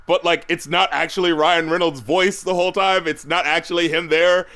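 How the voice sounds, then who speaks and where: A man co-hosting a podcast in casual chat, excitable, laughing often and acting out quotes. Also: high-pitched, fairly quick, few pauses. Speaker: podcast co-host.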